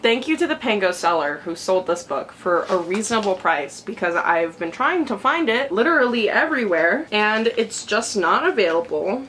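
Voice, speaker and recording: A woman's voice: fairly bright tone, a little hiss or hum. A young woman book vlogger chatting casually at home, swearing freely and gushing about her reading. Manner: chatty, swears casually, talks to her dog in a high baby voice. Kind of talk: casual reading vlog chat.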